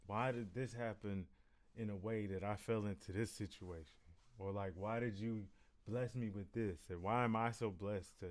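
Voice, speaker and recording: Low-voiced male host, casual rambling motivational talk, candid and profane. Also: fairly even intonation, moderate pace. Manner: rambling, repeats "you know what I'm saying". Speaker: reaction video host.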